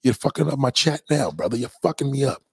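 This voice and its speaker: A man's voice: mid-range voice, big pitch swings, fast talker, gravelly, husky, no echo. A man hosting a livestream, reading chat and ranting in a profane, heated, emphatic way. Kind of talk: casual livestream rant.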